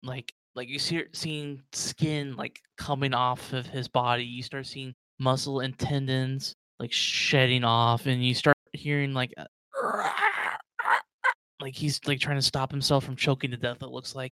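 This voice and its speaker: A man's voice: mid-range voice, level tone, unhurried, pushed and bright, clean tone, no room sound. Male game master, mid-range voice, loose rambling narration, dry close mic. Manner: rambling, heavy with "like".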